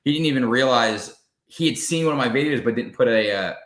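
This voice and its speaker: A man giving earnest, emphatic advice as an interview guest. His voice sits at a middle pitch and carries a roomy echo, as if recorded in an open, hard-walled room. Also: fairly quick, fairly bright tone. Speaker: car sales guest. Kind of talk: casual interview chat.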